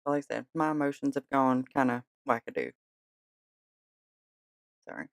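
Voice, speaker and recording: A tired late-night podcast host with a gentle, reassuring way of talking. The voice carries plenty of vocal fry and a gravelly edge. It is recorded close and dry, with no room sound. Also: medium pitch, very animated, moderate pace, dry recording. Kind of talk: casual podcast talk.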